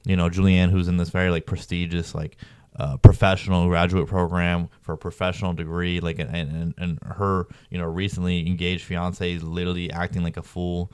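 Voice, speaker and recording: A man's voice: low-pitched, little pitch movement, brisk, clear, resonant tone, dry recording. A young man telling a story in a rambling, slangy way, peppered with "bro" and "like". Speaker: vlogger. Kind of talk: casual storytelling.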